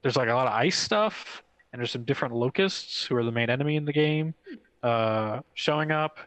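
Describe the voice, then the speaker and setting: Podcast co-host, male, excitable and rambly, close dry mic, no room sound. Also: medium pitch, brisk, clear, resonant tone, dry recording, low-quality recording. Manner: excitable, rambling with many "like" fillers. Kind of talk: casual chat.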